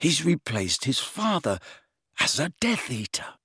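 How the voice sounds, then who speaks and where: A man's voice: medium pitch, animated, a little slow, no room sound, clean studio sound. A man voicing a stubborn teenage boy insisting on his suspicions. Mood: insistent.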